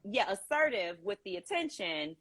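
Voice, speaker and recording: A woman hosting a live video call, chatting casually, animated and swearing freely. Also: medium pitch, moderate pace. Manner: animated, swears casually, quotes people in put-on voices. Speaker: host of a live stream. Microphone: phone on a live video call.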